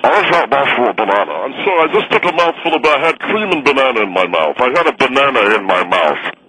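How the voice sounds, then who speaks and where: A man's voice: mid-range voice, sing-song, quick pace, sharp tone, poor audio. A man playing a gluttonous, indignant middle-aged documentary filmmaker in a comedy sketch. He talks with his mouth full and sounds petulant. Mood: rambling full-mouthed. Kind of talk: comedy radio sketch impression.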